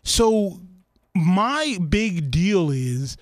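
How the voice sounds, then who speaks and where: Chatty, fairly high-voiced man. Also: sing-song, extremely slow, no echo, clean studio sound. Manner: chatty, laughs easily, lots of fillers. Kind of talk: casual chat. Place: studio.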